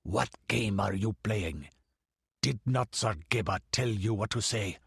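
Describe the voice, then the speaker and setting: A man's voice: on the low side, measured pace, gravelly, fairly bright tone, husky, no room sound, clean studio sound, full character voice. A man doing a hissing wicked priest. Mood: furious. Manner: hissing, menacing. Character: wicked furious male priest.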